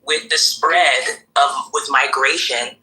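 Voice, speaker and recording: A man's voice: medium pitch, fairly even intonation, slow, sharp tone, rough recording. A man on a livestream panel, patiently explaining and correcting others during a heated debate.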